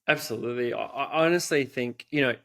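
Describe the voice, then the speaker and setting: A man's voice: medium pitch, a little fast, gravelly, a bit bright. Earnest man, rambling answers. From Australia. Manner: earnest, rambling, peppered with "you know". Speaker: guest expert on child safety. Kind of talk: conversational interview answers.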